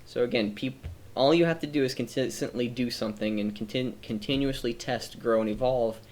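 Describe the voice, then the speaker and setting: A man with a brisk, mid-range, slightly mellow voice streams a reflective monologue about himself. It's earnest and rambling, full of self-corrections and restarted sentences, and he sounds emotional, nearly in tears.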